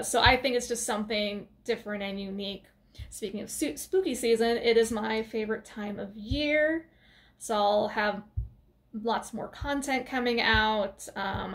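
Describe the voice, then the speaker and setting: Woman vlogger, slightly high voice, casual film-review chat with lots of "like" and "um". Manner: animated retelling with many fillers and restarts; chatty, laughs while telling.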